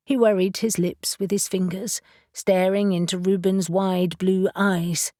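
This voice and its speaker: A woman narrating a fantasy audiobook in a steady storytelling manner. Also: medium pitch, a little slow, no echo, clean studio sound. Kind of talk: scripted narration.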